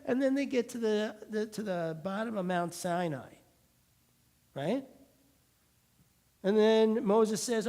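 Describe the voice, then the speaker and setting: A man giving a sermon as pastor, telling a story in a lively, conversational way. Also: high voice, unhurried, gravelly.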